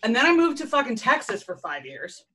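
A woman's voice: fairly high pitch, big pitch swings, brisk, fairly bright tone. A woman, co-hosting a casual chat over a call with wry quips and plenty of swearing. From Philadelphia, US. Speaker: podcast co-host. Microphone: remote call recording.

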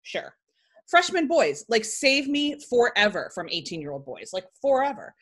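A woman in her forties hosting a podcast, chatting casually through a story with frequent "like" fillers and lively asides. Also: a little high, moderate pace, breathy edge. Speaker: podcast host.

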